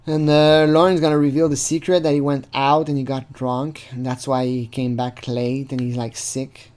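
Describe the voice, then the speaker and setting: A man's voice: medium pitch, level tone, moderate pace, a little mellow. A man hosts a casual commentary, talking through a text in a rambling, hesitant way. He swears freely and fills gaps with "uh" and "like". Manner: rambling, profane, hesitant with fillers. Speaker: channel host.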